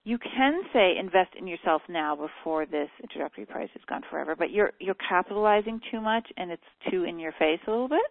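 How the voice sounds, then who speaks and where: A woman coaching on a group call, frankly critiquing a sales letter with many pauses and fillers. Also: on the low side, lively intonation, vocal fry, no echo. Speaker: copywriting coach. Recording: tinny dry phone line.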